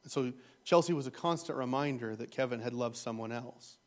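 A man's voice: mid-range voice, brisk. A man preaching a sermon as pastor, retelling a story in an earnest, emotional way.

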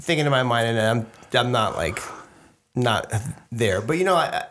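A man's voice: mid-range voice, lively intonation, normal speed, a bit bright. A man who leads worship, co-hosting a casual podcast chat, joking and rambling with many restarts. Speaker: podcast co-host, worship leader.

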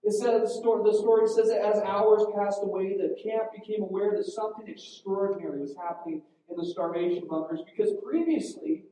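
A man's voice: high-pitched, steady tone, brisk, hardly any pauses, dark tone. A male preacher telling a story in a sermon, earnest, with frequent restarts, in a large hall. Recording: echoey hall from far off.

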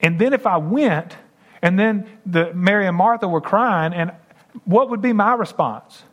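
A male pastor delivering a sermon in a fairly high voice. He talks to his congregation in a relaxed, conversational way between passages of scripture he reads aloud. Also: a little slow, muffled recording. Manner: conversational, addressing the congregation directly.

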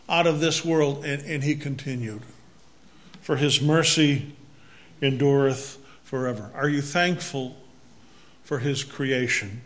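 Pastor, massachusetts accent, slow easy sermon delivery, reads scripture in refrains. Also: male voice, medium pitch, a bit bright. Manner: slow, conversational preaching with repeated scripture refrains.

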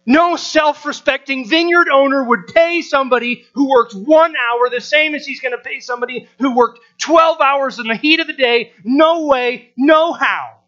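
A man's voice: extremely high pitch, moderate pace, hardly any pauses, sharp tone. An American man preaching a sermon to a live audience, emphatic and full of rhetorical questions, on a dull lo-fi recording with mains hum. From United States.

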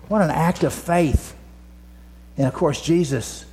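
A man preaching a sermon, telling stories dramatically and dropping from loud passages to a near whisper. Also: on the high side, measured pace, pauses often.

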